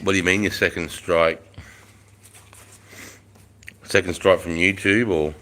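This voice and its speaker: A very low-voiced Australian man in his forties hosts a casual livestream, talking into his phone at home. He is laid-back, swears freely and chuckles a lot. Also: steady tone, a little slow, a bit bright. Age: 40s. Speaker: livestream host.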